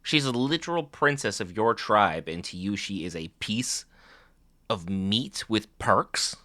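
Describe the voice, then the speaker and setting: A man hosting a reaction video, with sarcastic, joking commentary. His low voice is bright and lively, swinging up and down, and it sounds close and dry. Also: measured pace, no echo. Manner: sarcastic, jokey and animated.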